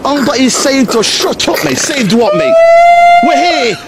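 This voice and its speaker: A man rants outdoors as a fed-up football fan, piling up slang in exasperated bursts. His voice sits very high and swoops up and down a lot. Clear background noise runs under him. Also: expressive, measured pace. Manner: exasperated, slang-heavy ranting. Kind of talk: ranting fan video. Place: outdoors in the rain.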